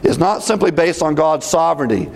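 A man teaching through Bible verses in a deliberate, emphatic way, repeating references as he goes. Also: a little high, lively intonation, gravelly, a little mellow.

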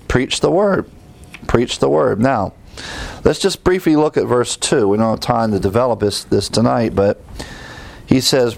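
Man preaching an emphatic sermon. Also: mid-range voice. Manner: builds from teaching tone to emphatic, rising exhortation; asks the congregation fill-in questions. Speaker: pastor.

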